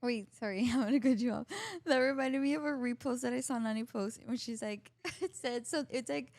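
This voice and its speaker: A young woman co-hosting a podcast, chatting casually with relaxed, playful interjections. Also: fairly high pitch, fairly quick. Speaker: podcast co-host. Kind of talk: casual chat.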